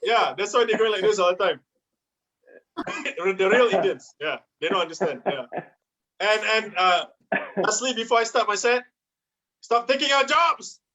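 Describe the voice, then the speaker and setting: A man's voice: high-pitched, expressive, moderate pace, long pauses, lo-fi sound, a crowd in the background. A man in his thirties with a Malaysian English accent doing a chatty stand-up comedy set and laughing at his own jokes. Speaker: musical comedian.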